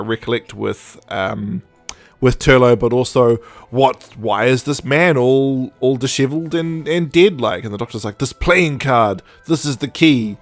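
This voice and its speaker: A man hosting a podcast, recapping a story in a casual, animated way, laughing often and slipping into quick character voices. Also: medium pitch. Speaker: podcast host. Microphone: podcast microphone.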